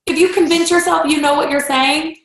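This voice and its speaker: A fairly high-voiced woman gives a lively motivational talk to her team. She slips into playful voices for the things people might say. The sound carries a roomy echo. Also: fairly quick. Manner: animated, acts out voices in quotes. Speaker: team leader giving a training talk.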